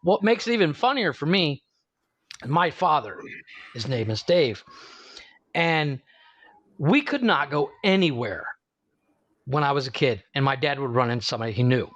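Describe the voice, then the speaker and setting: A man's voice: on the high side, no room sound, muffled recording. Guy on a podcast telling stories, cusses a lot, laughs, voice jumps around a lot. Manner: swears freely, laughs a lot, animated storytelling. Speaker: podcast co-host. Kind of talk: casual chat.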